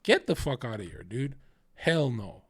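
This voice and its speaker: A man's voice: medium pitch, sing-song, unhurried, husky, no room sound, clean studio sound. A man livestreaming, ranting casually in a heated, profane, rambling way.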